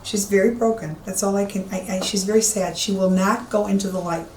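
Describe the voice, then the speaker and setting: A woman's voice: mid-range voice, steady tone, a little fast. A woman psychic medium giving walk-through commentary, speaking emphatically and repeating herself, inside an empty old building. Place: empty old police station indoors. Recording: echoey room, faint background hiss.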